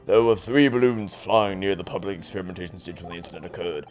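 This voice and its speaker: A man voicing a haughty, pompous male prosecutor in a video game, speaking lower and quieter. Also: fairly even intonation, faint music behind, lightly acted. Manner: slow and haughty.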